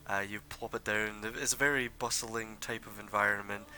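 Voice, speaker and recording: A man's voice: on the low side, little pitch movement, fairly quick, bright, forceful tone. A young man narrating as game master of a tabletop game, loose and full of fillers.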